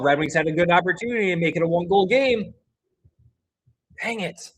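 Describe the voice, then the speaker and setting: A young man hosting a fan livestream, calling the game play by play, partisan and quick to swing from flat calls into loud outbursts at the refs. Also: high voice. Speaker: livestream host.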